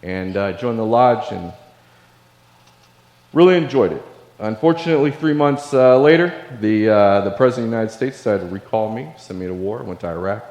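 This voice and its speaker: Low-voiced man speaking in an echoey hall. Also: creaky, darkish tone, muffled recording. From Illinois. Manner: earnest, confessional storytelling. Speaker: keynote speaker, Navy veteran. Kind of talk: personal story speech. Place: large hall. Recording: echoey hall with long reverb.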